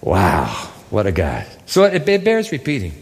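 Male pastor, theatrical sermon delivery, lively high voice, long hall reverb. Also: moderate pace, husky. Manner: animated, theatrical storytelling.

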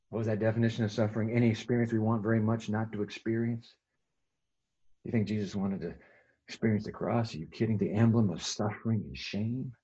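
A male pastor giving a conversational sermon, swinging between emphatic and hushed delivery. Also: on the low side, breathy edge, muffled recording.

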